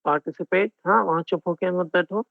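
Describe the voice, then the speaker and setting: A man's voice: sits high, racing, vocal fry, no echo. A man with an Indian English accent teaching an exam-prep class, mixing Hindi and English and often checking in with his students. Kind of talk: online class lecture. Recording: phone-like narrow band, dry.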